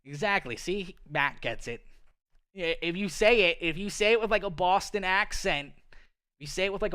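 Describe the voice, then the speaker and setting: A man's voice: sits high, animated, normal speed, sharp tone, smooth. A Canadian man with a Canadian accent, hosting a casual livestream chat in a playful manner, tacking "okay" onto his lines and laughing often. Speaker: livestream host. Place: home streaming setup.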